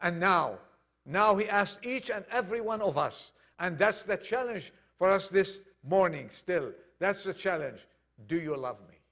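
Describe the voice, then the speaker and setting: A male preacher delivers a sermon to his congregation in a high-pitched voice. He acts out quoted dialogue with feeling, rising to loud declarations and dropping to near hushes. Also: lively intonation, a little slow, vocal fry. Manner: impassioned, dramatic swings from loud to hushed. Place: church congregation.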